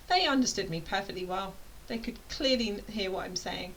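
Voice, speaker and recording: A woman's voice: medium pitch, animated, fairly quick, a bit bright, rough recording. A British woman talks straight to her students as an online course tutor. Her delivery is loose, rambling and playful, and she often stops herself mid-sentence. A faint hiss sits under her voice. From United Kingdom. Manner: rambling, self-interrupting, playful. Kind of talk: casual chatty explainer.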